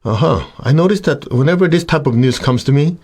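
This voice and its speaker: A man giving a spiritual talk to his students, animated and acting out the voices of students and of himself. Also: a little high, fairly quick, slightly rough. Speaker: spiritual teacher.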